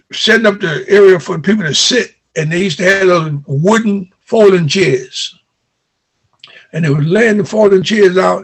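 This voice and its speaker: Gravelly older man telling stories. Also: high voice. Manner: animated retelling with quoted dialogue. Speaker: interview guest. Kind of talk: storytelling in an interview.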